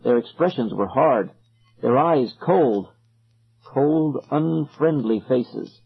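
A man narrating a story in an expressive, suspenseful way, on a dull lo-fi recording. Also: mid-range voice, slow, creaky, slightly rough. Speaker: audiobook narrator.

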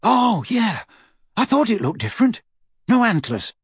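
Brief: male reader as awkward teen boy wizard, pitched high and strained, lively, storybook read. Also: a little slow, slightly rough, dry recording, clean studio sound, heavily acted.

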